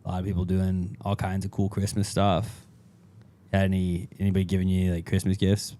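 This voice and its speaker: A man's voice: low voice, completely flat delivery, brisk, dark tone. A man co-hosting a casual podcast, joking around and swearing freely. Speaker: podcast co-host.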